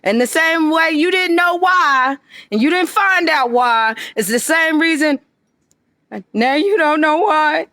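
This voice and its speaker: A woman's voice: high voice, measured pace, bright, forceful tone, no room sound, clean studio sound. A woman giving an emphatic, confrontational monologue straight to her viewers. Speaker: vlogger addressing viewers. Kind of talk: direct-to-camera monologue.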